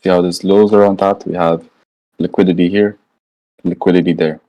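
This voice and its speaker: A man's voice: sits low, level tone, moderate pace, highs cut off. A man walking through trading charts live in a casual, slangy way, thinking aloud and often checking in with "right?". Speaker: trading educator.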